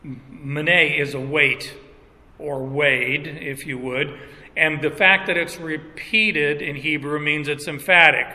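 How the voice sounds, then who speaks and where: Slow, bright-voiced preacher in a reverberant hall. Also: male voice, fairly high pitch, steady tone. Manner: slow, halting, with restarts and chuckles. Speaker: pastor. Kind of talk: sermon.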